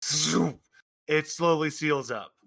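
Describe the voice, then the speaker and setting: A man narrating a tabletop game as game master, describing scenes in halting bursts with frequent restarts. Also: fairly high pitch, expressive, pushed and bright.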